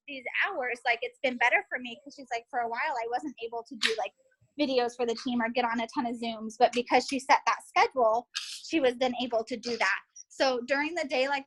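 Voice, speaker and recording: A woman's voice: fairly high pitch, a bit bright, low-quality recording. A woman in her thirties and mother of four, talking casually and upbeat to her team on a group call, with many fillers. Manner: chatty, upbeat, filler-heavy. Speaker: team leader.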